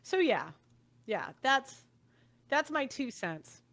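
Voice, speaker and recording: A young woman rants straight to camera in a heated monologue. Her voice sits high and bright. She talks bluntly and swears freely. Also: big pitch swings, slow. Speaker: commentator. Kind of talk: angry monologue.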